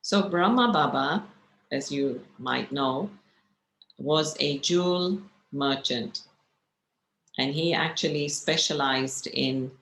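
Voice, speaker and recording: A woman's voice: extremely low pitch, creaky. Woman, spiritual teacher, storytelling talk, reflective, rhetorical questions, echoey room, faint hiss.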